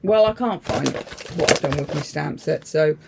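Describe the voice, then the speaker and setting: Chatty woman with a gravelly voice. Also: sits low, moderate pace, heavy background noise. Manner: rambling, chatty, self-deprecating, thinking aloud. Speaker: craft livestream host. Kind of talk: casual crafting demonstration.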